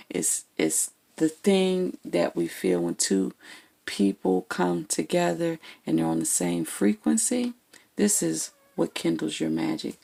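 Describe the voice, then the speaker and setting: Gravelly-voiced woman reading tarot. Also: lowish voice, warm tone. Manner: chatty, blunt, keeps checking in with "okay?". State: has the hiccups. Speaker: tarot reader. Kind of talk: casual tarot reading to camera.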